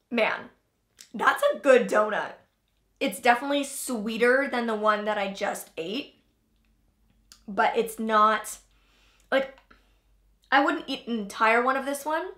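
A woman's voice: medium pitch, a bit bright, reverberant. A young woman hosting a casual taste-test vlog, chatting in a loose, filler-heavy way and talking between bites. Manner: chatty, filler-heavy, talks while chewing. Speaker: vlogger host.

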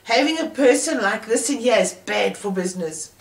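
A woman's voice: medium pitch, expressive, normal speed, vocal fry. A woman preacher voicing a stern, impatient male cafeteria manager who speaks curtly in a retold story. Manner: curt, impatient. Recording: roomy church sound from far off.

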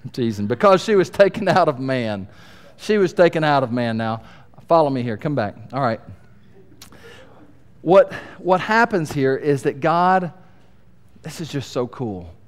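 A middle-aged male pastor preaching a sermon in an animated, joking way, swinging between quiet asides and booming emphasis. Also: a little slow, pauses often.

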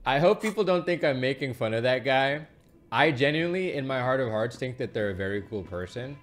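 A man giving casual, animated gameplay commentary as a streamer, rambling and swearing freely. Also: medium pitch, a little fast. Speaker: gaming streamer.

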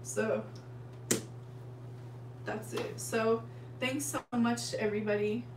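A woman's voice: fairly high pitch, slow pace. Woman artist chatting to her stream, roomy echo, humming noise in the background. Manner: chatty and affectionate, addresses viewers as "you guys". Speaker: artist hosting a painting livestream. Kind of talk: casual livestream chat to viewers. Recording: echoey room, mic at a distance, steady hum.

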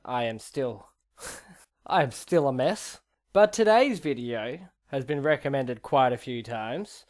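A young man with a broad Australian accent hosts a reaction video in casual, slangy chat. He gets excited easily, laughs often, and lets his words stretch out unhurried. His pitch sits mid-range for a man. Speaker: reaction channel host.

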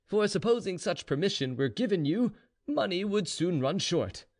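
A man's voice: sits high, expressive, moderate pace, a little mellow, voice pushed up. A man voicing a bitter, envious male servant who talks in a sceptical, challenging way.

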